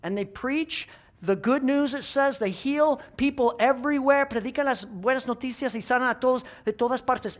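In a church sanctuary, an animated pastor preaches a bilingual sermon, getting the congregation to make sound effects and then restating each point in a second language. His voice is very high-pitched and his speed normal.

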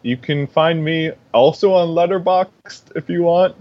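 A man's voice: a little high, unhurried, highs cut off, a crowd in the background. A man co-hosting a podcast in casual chat, rambling a little and laughing often. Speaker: podcast co-host.

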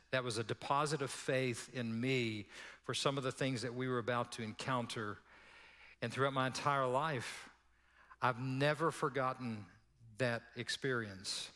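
Storytelling pastor in a reverberant hall. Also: male voice, mid-range voice, sharp tone. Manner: conversational, laughing asides, acts out quoted voices. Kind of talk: sermon storytelling. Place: church sanctuary. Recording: long church hall reverb.

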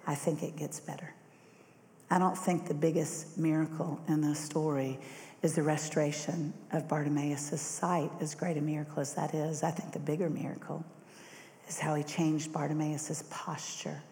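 Woman, middle-aged, preacher, animated storytelling sermon, echoey, long reverb. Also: low voice. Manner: animated storyteller who acts out voices.

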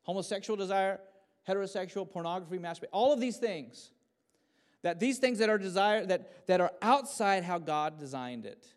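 A man in his thirties preaching a sermon at a church service, swinging between loud fervent passages and soft hushed ones. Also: high voice, animated, moderate pace. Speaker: pastor.

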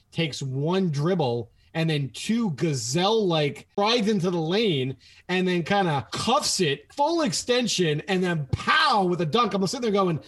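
A man co-hosting a casual sports podcast, his voice sitting a little high. He retells the game's big plays with animated, chatty energy. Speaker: podcast co-host.

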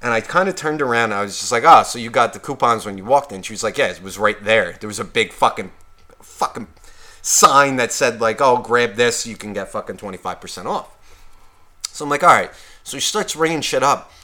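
A man's voice: medium pitch, animated, fairly quick, bright, forceful tone. A man on a podcast, telling a profane shopping story and acting out both sides of the conversation. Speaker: podcast co-host. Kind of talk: casual storytelling rant.

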